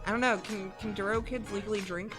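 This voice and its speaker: A woman's voice: mid-range voice, fairly even intonation, quick pace, over music. A woman playing in a tabletop game, playful and coaxing. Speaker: player. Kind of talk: tabletop role-play.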